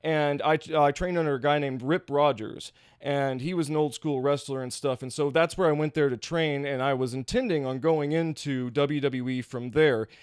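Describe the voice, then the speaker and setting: A man's voice: a little high, steady tone, moderate pace, hardly any pauses, smooth, dry recording, clean studio sound. A young man from Kentucky, a former pro wrestler, telling stories as a guest in a loose, casual chat full of "like" and "uh", often laughing.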